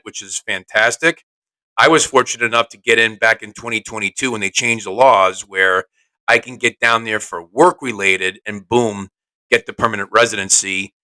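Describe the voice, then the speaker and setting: A man's voice: mid-range voice, bright, forceful tone, smooth, rough recording. A man hosting his podcast as a realtor, talking in a brash, chatty, salesy way. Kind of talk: casual solo podcast talk.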